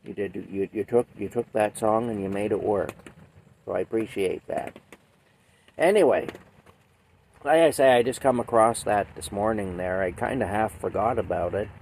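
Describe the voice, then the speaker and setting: A hoarse man with a sore throat, rambling in a folksy way as he chats with a cow companion and often adds "eh". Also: fairly low pitch, moderate pace, darkish tone, a little hiss or hum. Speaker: video host reacting to a song. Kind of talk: casual chat to a toy cow.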